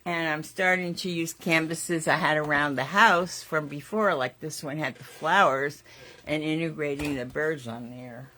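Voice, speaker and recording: A woman's voice: deep voice, unhurried, bright, forceful tone. A woman artist hosting her own weekly show, chatting casually and effusively as she shows her work, with rambling asides. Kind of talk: casual live show-and-tell.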